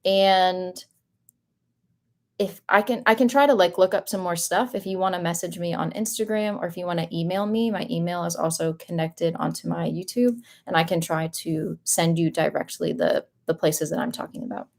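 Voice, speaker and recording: A woman's voice: on the low side, fairly even intonation, normal speed, creaky, darkish tone. A young American woman with a light Southern accent, chatting casually and laughing often as she answers viewer questions on a livestream. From United States. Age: young adult.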